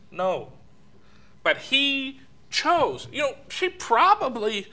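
A man preaching a sermon, telling personal stories with chuckles and at times sinking to a soft hush. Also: sits high.

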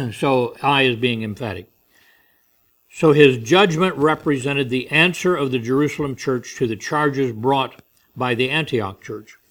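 A male Bible teacher working through a passage verse by verse at an unhurried, measured pace. He lingers on key phrases and unpacks the Greek behind them, with an occasional throat-clear. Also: mid-range voice, fairly bright tone. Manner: deliberate, explains Greek words, stresses key phrases.

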